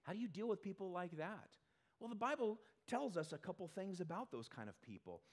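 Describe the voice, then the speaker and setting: A male pastor giving a conversational sermon to a congregation in a church, talking in an animated way. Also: high-pitched. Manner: animated, acts out quick character voices.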